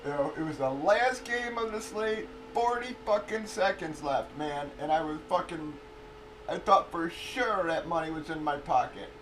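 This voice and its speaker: Profane, rambling livestream host, higher voice. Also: male voice, moderate pace, fairly bright tone, distant mic, rough recording. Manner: profane, rambling, laughs often. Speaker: livestream host of card breaks. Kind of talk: casual livestream chat. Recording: voice a bit off-mic with faint noise.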